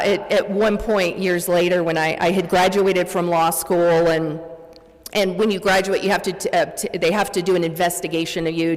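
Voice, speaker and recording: Earnest middle-aged woman, echoing hall. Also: on the low side. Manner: earnest storytelling, many restarts and quoted dialogue. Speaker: speaker at a recovery meeting. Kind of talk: personal recovery story told to an audience. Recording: long reverb of a large hall.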